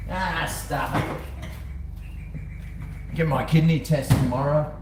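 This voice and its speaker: This Australian man speaks slowly, his voice on the high side, as he hosts a casual livestream. Rambling with jokey asides, he also talks to his dog while at home indoors and out on the balcony. The room is echoey and there's faint background noise.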